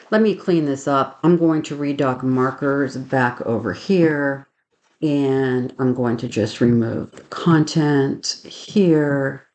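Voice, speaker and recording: A woman teaching a software webinar, methodically explaining each click aloud and adding firm opinions on good practice. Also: rumbling low. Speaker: software trainer. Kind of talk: screen-share webinar demonstration.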